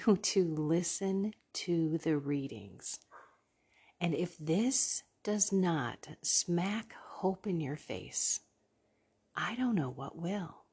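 Breathy whispering woman, slow and low. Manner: hushed whisper, earnest and encouraging. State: tired late-night voice. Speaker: podcast host. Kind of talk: whispered late-night devotional podcast. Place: downstairs at home at night.

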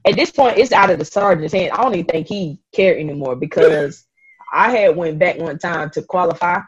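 A woman, a rugby player telling stories in a casual interview, animated and laughing often. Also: fairly low pitch, fairly quick, slightly rough. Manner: animated, laughing, slangy storyteller. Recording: dull lo-fi audio.

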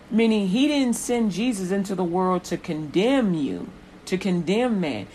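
A woman's voice: medium pitch, animated, unhurried, dark tone, a little hiss or hum, low-quality recording. A woman preaching a sermon with rhythmic repetitions that build in intensity.

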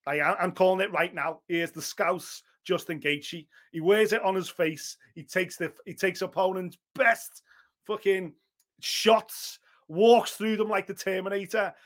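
A man co-hosting a fight podcast, talking in an excitable, gushing way and swearing freely. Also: high-pitched, a little slow. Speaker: podcast co-host. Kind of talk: casual MMA chat.

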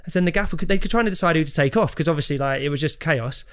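A man's voice: fairly high pitch, racing, clean tone. A man in his thirties, a goalkeeper guest on a podcast, telling stories in casual chat and acting out the quoted lines. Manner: animated anecdotes, acts out quoted lines.

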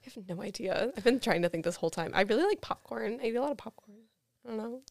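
A woman's voice: mid-range voice, rapid-fire, darkish tone, no room sound, studio quality. A young woman, a guest on a casual chat, who laughs often and talks bluntly with some swearing.

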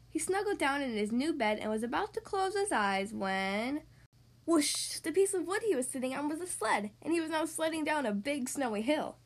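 A woman hosting a children's podcast, reading a storybook aloud in a friendly, expressive manner. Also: high-pitched. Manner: friendly, expressive, sing-song.

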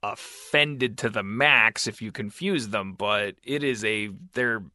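A man's voice: on the low side, slow, bright, forceful tone, dry recording, studio quality. A man hosting a podcast, chatting casually in a rambling, self-mocking way with many restarts. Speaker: podcast host. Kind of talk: casual comedic chat.

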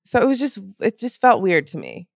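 A woman's voice: fairly high pitch, sing-song, a little fast, no room sound, clean studio sound. A woman guesting on a podcast, giving blunt opinions in a casual chat. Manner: frank, opinionated, quoting herself.

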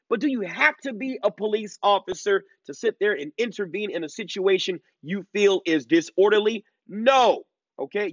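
A man's voice: sits high, a bit bright, dry recording. A man in his thirties hosting a live-streamed commentary lecture, emphatic and drawn out, full of fillers and repeated "okay?" checks. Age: 30s. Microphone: laptop. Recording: dull lo-fi and dry.

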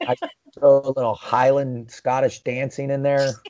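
A man's voice: medium pitch, level tone, normal speed, darkish tone, no room sound, highs cut off. A man chatting casually as a podcast guest, rambling with frequent restarts. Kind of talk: casual chat.

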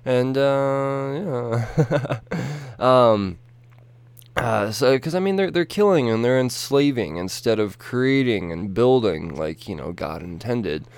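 A man's voice: mid-range voice, lively intonation, slow pace, smooth, dry recording. A young man casually retelling a story in a rambling, profane way, full of fillers and restarts.

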